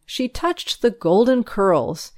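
A woman with a medium-pitched voice works her way aloud through a school paper. Both the news and the stories get a steady, expressive, storytelling treatment.

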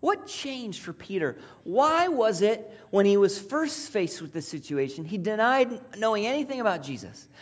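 A pastor preaching a sermon in a reflective storytelling way, asking questions aloud and dropping to a soft near-whisper for quoted words. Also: medium pitch, sing-song, normal speed, hardly any pauses.

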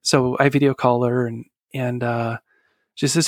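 Man, middle-aged, earnest, halting storytelling, dry sound. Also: mid-range voice, level tone, no room sound. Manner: earnest, halting, with soft laughs. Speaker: guest telling his story. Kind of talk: casual personal storytelling.

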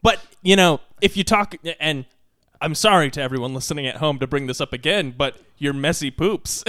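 A man's voice: a little high, normal speed, a bit bright. A young man co-hosting a casual podcast, talking in a hesitant, wry way. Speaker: podcast co-host. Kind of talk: casual chat.

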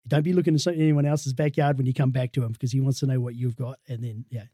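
A man's voice: medium pitch, fairly even intonation, fast, dark tone, dry recording, clean studio sound. An Australian man, a sports team's head of performance, telling rambling stories in a casual interview and laughing at his own tales.

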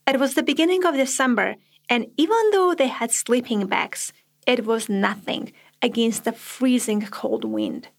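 Creaky-voiced woman narrating a documentary story. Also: fairly high pitch, big pitch swings. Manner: measured storytelling, reflective. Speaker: podcast host and narrator.

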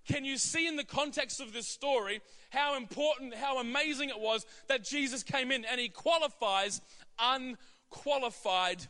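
Male preacher, high and bright-toned, emphatic, posing rhetorical questions. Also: normal speed, in a large hall. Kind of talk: sermon.

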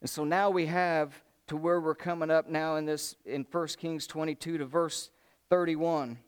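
A man's voice: a little high, fairly even intonation, normal speed, clear, resonant tone. A man preaching a sermon, retelling a Bible story in a casual, colloquial way and acting out the characters' lines.

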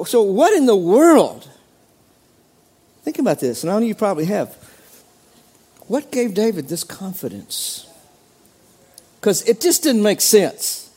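Animated preaching man, higher voice. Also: husky. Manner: animated preaching, acts out quoted voices with sudden pitch jumps. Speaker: pastor. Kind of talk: sermon.

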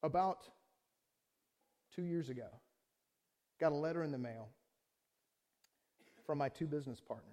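A middle-aged man preaches to his church with a fairly high voice. He talks through a personal story in plain, conversational terms, dropping to quiet asides and rising to loud, heated outbursts. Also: normal speed, pauses often. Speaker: pastor. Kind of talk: sermon with personal testimony.

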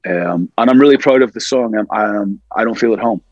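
In a relaxed interview, a middle-aged Scottish rock singer tells stories with animated energy, acting out what people said to him. His voice sits on the low side and moves a little fast. The recording is lo-fi with no echo.

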